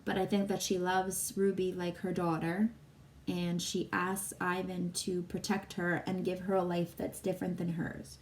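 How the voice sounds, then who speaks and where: Woman teacher, book-club read-aloud with chat to kids; gravelly, low-bright tone, faint noise behind. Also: monotone, normal speed. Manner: emotional, asks listeners questions. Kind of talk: reading a children's novel aloud with commentary. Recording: faint room noise, slightly distant mic.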